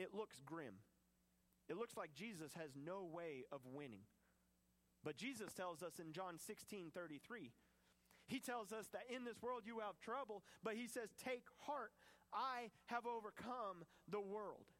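A man preaching a sermon, animated and acting out the voices in the scripture he tells. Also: high voice.

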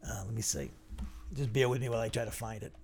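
A man's voice: fairly low pitch, fairly even intonation, fast, creaky, a little mellow, slight background noise. A man teaching an informal Bible lesson, conversational and digressive, thinking aloud as he goes.

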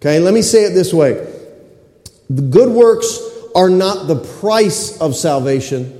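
A man's voice: sits high, expressive, a little slow, mellow. A middle-aged male pastor preaching a sermon in a church, emphatic and repetitive, often asking the congregation to respond. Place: church sanctuary. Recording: echoey hall reverb.

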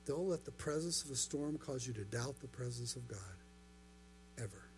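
A man's voice: medium pitch, animated, normal speed, slight background noise. A pastor preaching a sermon, building his points through rhetorical questions and repetition.

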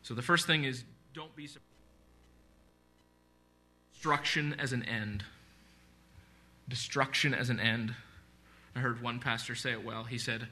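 A male pastor delivering a sermon in an earnest, conversational way, often repeating himself for emphasis. His voice is bright and forceful, at a middle pitch for a man. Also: normal speed, pauses often. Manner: earnest, conversational preaching with repetition and asides.

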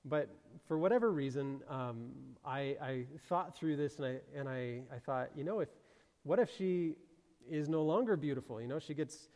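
A man's voice: on the high side, normal speed, darkish tone, long reverb tail. A man preaching a sermon in a loose, conversational way, thinking aloud and reading scripture aloud.

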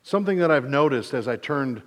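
A man's voice: medium pitch, animated, a little fast, in a large hall. A man in his forties from mid-Michigan, preaching a sermon in a casual, joking way and acting out quotes. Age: 40s. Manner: conversational, self-deprecating humor with acted-out quotes. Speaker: pastor.

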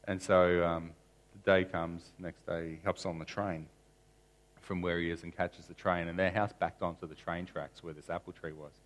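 A man's voice: low voice, flat delivery, moderate pace. A man preaching a sermon that moves into spoken prayer, earnest and often repeating words as he restarts a thought.

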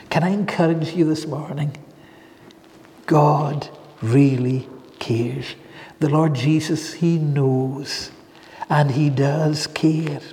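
Slow, earnest preacher in a reverberant hall. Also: male voice, on the high side, dark tone. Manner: earnest, slow and measured with emphatic pauses. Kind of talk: sermon. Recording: long reverb in a large hall.

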